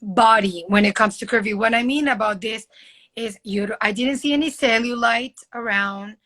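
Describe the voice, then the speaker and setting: A woman's voice: on the high side, moderate pace, fairly bright tone. A woman in her thirties chatting casually and rambling on a live video call about modeling. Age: 30s. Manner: chatty, rambling, talks directly to the host. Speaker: model and guest.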